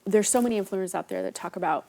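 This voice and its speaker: A woman's voice: medium pitch, rapid-fire, gravelly, dark tone. A woman in her twenties, a travel influencer and guest, talking earnestly and with emphasis in a casual interview. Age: 20s.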